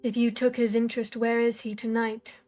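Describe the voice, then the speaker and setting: A scornful dark mentor from a spoken storybook, low and hushed, every line an order, voiced by a woman reading aloud. Her voice sits a little high even when she drops it. Faint guitar music plays underneath. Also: moderate pace, lightly acted. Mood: cold, commanding.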